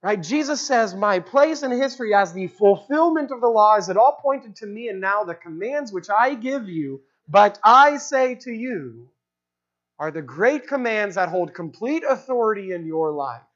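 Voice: mid-range voice, expressive, moderate pace, hardly any pauses. A preacher giving an expository sermon, explaining the original language of a text and repeating key phrases for emphasis. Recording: dull lo-fi recording.

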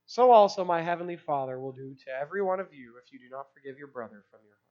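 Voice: mid-range voice, rapid-fire, dull audio. A preacher giving an expository sermon in a conversational way, asking rhetorical questions and using casual fillers.

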